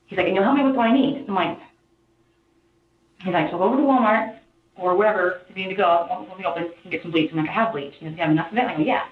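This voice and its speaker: A woman recounts events to an interviewer, rambling and acting out the quotes. Her voice sits a little low, and the archival recording is tinny and echoey. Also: fast talker, a little hiss or hum. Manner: rambling retelling, acts out quotes.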